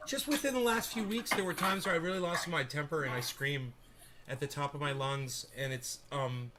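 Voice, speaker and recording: A man's voice: a little high, moderate pace, noisy background. A male podcast host chatting casually, rambling, laughing and swearing freely. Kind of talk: casual chat on a live audio room.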